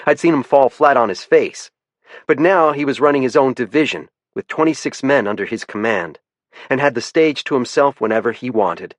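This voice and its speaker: A man giving measured, first-person scripted audiobook narration. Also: medium pitch, lively intonation, dry recording, clean studio sound.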